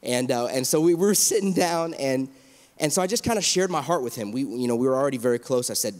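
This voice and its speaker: A man's voice: medium pitch, animated, fast talker, darkish tone. A man in his thirties, a pastor, speaking earnestly and emotionally in a panel discussion, often restarting his sentences. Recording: long hall reverb.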